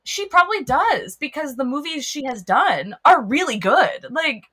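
A woman's voice: sits high, expressive, normal speed, a bit bright. A young woman hosting a casual film podcast, chatty and giggly, with lots of "like" fillers. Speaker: podcast host.

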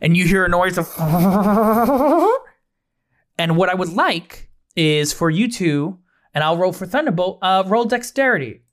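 A man's voice: sits high, animated, measured pace. A man narrating a tabletop game as game master, rambling with fillers and restarts.

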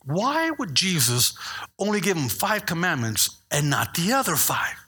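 A man preaching a sermon as pastor, animated and playful, joking with the congregation between points. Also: on the high side, unhurried, slightly rough.

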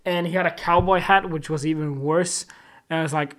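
A man hosting a podcast, telling funny everyday stories in a loose, animated and crude way, often laughing at himself. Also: on the high side, brisk. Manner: animated, giggly, crude, self-mocking. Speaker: podcast host. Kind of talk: casual comic storytelling.

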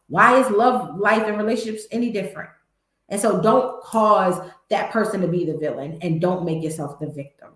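A woman's voice: mid-range voice, reverberant. A woman hosting a podcast, giving candid, emphatic advice in casual talk and speaking to her listeners directly. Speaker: podcast host.

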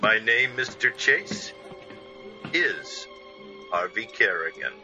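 An actor playing a suave, mysterious male intruder in an old-time radio drama, smooth and quietly mocking. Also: lowish voice, sing-song, slow, music in the background. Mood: calm, teasing. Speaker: uninvited visitor. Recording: dull lo-fi old radio broadcast.

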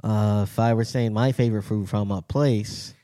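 A man's voice: fairly low pitch, steady tone, moderate pace, mellow. A man co-hosting a casual podcast, teasing his friends with loose joking banter and trailing, restarted sentences. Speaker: podcast co-host.

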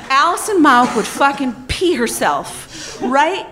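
A woman telling a humiliating personal story to a live audience, animated, self-mocking and full of swearing. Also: a little high, slow, hardly any pauses, very noisy.

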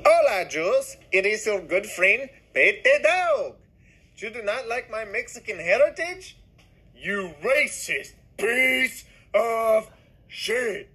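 A man putting on a high breathy mock-accent voice. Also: expressive, slow, sharp tone, heavily acted. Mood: mock indignant.

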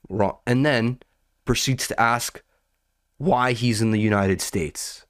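A young man rambles through a story with plenty of swearing and slang, his voice sitting at an ordinary middle pitch. He keeps circling back and getting worked up. The sound is dry and close, with no room around it. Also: takes it slowly, smooth, dry recording. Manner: profane, rambling, slangy, rising to animated outrage. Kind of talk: casual storytelling.

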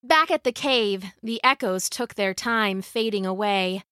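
A woman narrating a scripted children's story in a measured, vivid way. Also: medium pitch, fairly bright tone, clear, resonant tone, no echo, studio quality.

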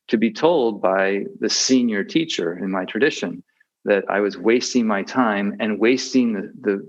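A man giving a reflective dharma talk as a meditation teacher. He often hesitates with fillers and restarts his sentences. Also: on the low side. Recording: dull muffled audio.

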